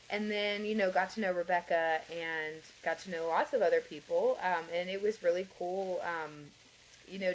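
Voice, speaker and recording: A woman's voice: mid-range voice, a little hiss or hum, rough recording. A woman guest on a podcast, earnestly telling her personal story in a rambling way, with many fillers and light laughs. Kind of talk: conversational interview, personal story.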